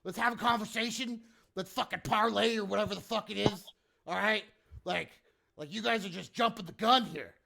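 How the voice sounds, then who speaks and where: A man's voice: high voice, a little fast, gravelly, pushed and bright, pitched above the performer's own voice, exaggerated voice. A man voicing a laid-back, foul-mouthed male bugbear who swears constantly while scolding people. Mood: exasperated.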